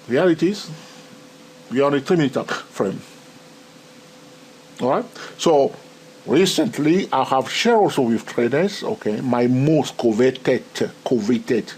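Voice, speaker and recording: A man with a non-native English accent talks through a live trading session in a chatty teaching voice. His pitch rises and falls a lot, and he keeps checking in with the listener. A faint hiss of background noise sits under the voice. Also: measured pace, long pauses. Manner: animated, repetitive "okay?" and "my friend". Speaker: trading educator. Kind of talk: live screen-recorded trading tutorial.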